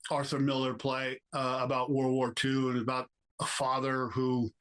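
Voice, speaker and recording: A man being interviewed as a guest, telling stories with lively quoted voices and many fillers. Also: moderate pace, rough recording. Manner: animated anecdotes, acts out quoted people with jumps in pitch; many fillers and restarts, reflective. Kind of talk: storytelling interview.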